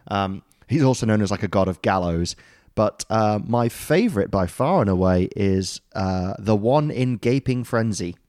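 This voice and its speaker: Explaining mythology on a podcast, this co-host jokes around loosely, tossing in plenty of ums, uhs and casual swears. His lowish voice is expressive and a little mellow at a normal speed, in a dry, clean studio recording.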